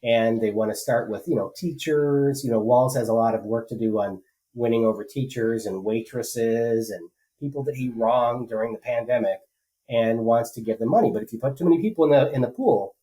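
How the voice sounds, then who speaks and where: This man co-hosts a political podcast from a rural home, speaking briskly in a mellow, medium-pitched voice. The recording is low quality, and his talk is casual and rambling, packed with fillers and false starts.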